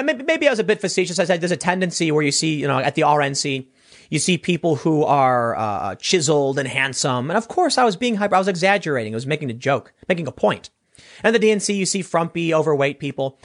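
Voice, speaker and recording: A man doing solo political commentary, animated and rambling, often restarting his sentences. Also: fairly high pitch.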